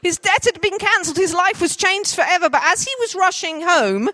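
A woman telling a story to a group, directing volunteers as they act it out, with lively, jokey asides. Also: extremely high pitch, a little fast, no echo. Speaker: children's storyteller.

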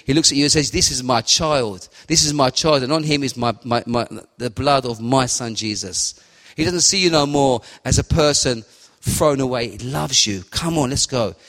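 Fervent man preaching in an echoing hall. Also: on the high side. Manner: fervent, repetitive phrasing. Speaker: lay preacher. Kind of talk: sermon and spoken prayer. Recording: long hall reverb.

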